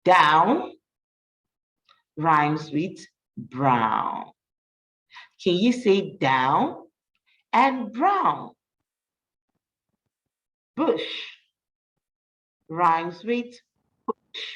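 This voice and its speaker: A woman storyteller reads to small children at a very slow, deliberate pace, her pitch swooping up and down in a lively sing-song. She is a little distant from the mic. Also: dull audio. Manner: slow, sing-song and encouraging, praises often. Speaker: storyteller and teacher. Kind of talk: reading a picture book aloud to children.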